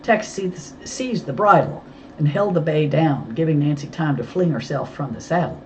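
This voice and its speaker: A woman narrating a storybook as an audiobook reader, with an expressive, clear reading. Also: deep voice, normal speed, muffled recording, a little hiss or hum.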